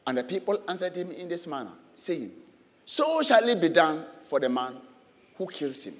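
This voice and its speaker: Male preacher, high and lively delivery, asks the room questions, laughs a lot; long reverb from the church hall. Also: moderate pace. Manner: animated, asks the congregation questions and laughs often. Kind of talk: sermon.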